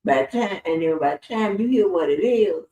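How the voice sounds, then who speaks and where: A woman's voice: medium pitch, animated, a little fast, mellow, dull audio, slight background noise. A woman hosting a casual livestream, telling stories with lots of swearing and laughter. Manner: profane, laughing storyteller. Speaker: stream host. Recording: roomy, distant from the mic.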